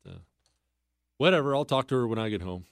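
A man's voice: mid-range voice, lively intonation, fairly quick, no echo, studio quality. A man co-hosting a podcast, joking in a mock-serious way during casual banter.

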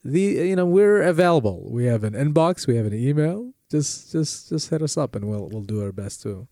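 A man, a comedian, chatting casually on a podcast, rambling and animated with frequent restarts. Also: fairly high pitch, moderate pace, no room sound.

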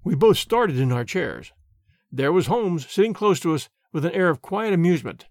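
Man reading a story, high and lively. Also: normal speed, no echo, clean studio sound. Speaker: audiobook narrator. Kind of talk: scripted storybook narration.

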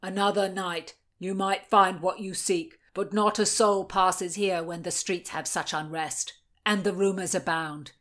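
A woman voicing a stern male sheriff who speaks firmly and a little louder than her narration. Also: on the low side, fairly even intonation, a little slow, hardly any pauses.

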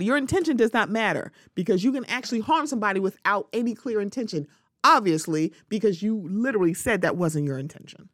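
A woman hosting a solo podcast, talking in a lively, conversational way and acting out little quoted exchanges. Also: a little high, no room sound, studio quality. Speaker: podcast host.

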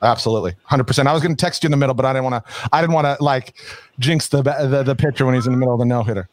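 Man, casual co-host, rambling, laid-back, mid pitch, dry room. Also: very fast, dry recording. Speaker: podcast co-host. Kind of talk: casual chat.

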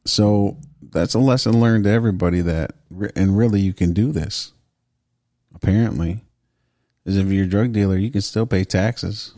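Podcast co-host, man, lowish voice, joking and profane, dry close sound. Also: moderate pace, mellow, no room sound. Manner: joking, profane, laughs often. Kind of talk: casual podcast banter.

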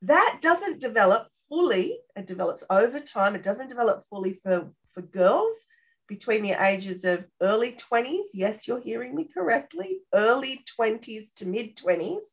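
A woman explaining parenting skills in a casual interview, lively and often checking in with tag questions. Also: fairly high pitch, moderate pace. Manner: animated, acts out parent-child dialogue. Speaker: parenting expert guest.

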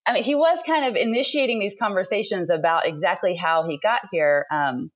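A woman in her thirties, a book author speaking as a podcast guest, talking thoughtfully with frequent pauses. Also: medium pitch, dull audio. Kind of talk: conversational interview.

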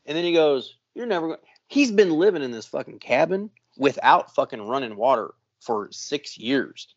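Profane animated storyteller man, lo-fi. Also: a little high, normal speed. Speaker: podcast co-host. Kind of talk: casual storytelling.

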